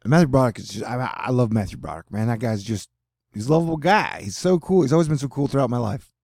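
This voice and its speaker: Fast and gravelly yet slightly mellow, his mid-range voice is recorded cleanly in a studio with no echo. He's a middle-aged man from the United States giving rambling, jokey commentary in a casual weather vlog, packed with fillers.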